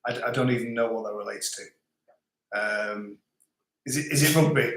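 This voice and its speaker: Man, middle-aged, relaxed livestream host, laughs often, average pitch, roomy echo. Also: moderate pace, long pauses. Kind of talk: casual chat reading viewer comments. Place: home in rural France. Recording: echoey room.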